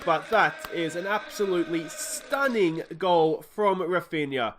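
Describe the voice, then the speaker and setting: An Australian man hosts a let's play, chatting casually about his football management game and breaking into excited shouts when goals go in. His voice is on the high side, at a moderate pace with hardly any pauses, over slight background noise.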